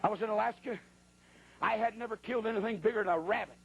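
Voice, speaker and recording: A man's voice: high voice, fast, gravelly, slight background noise, poor audio. A man preaching in a church, telling a folksy, colloquial story as part of a sermon. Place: church at a pulpit.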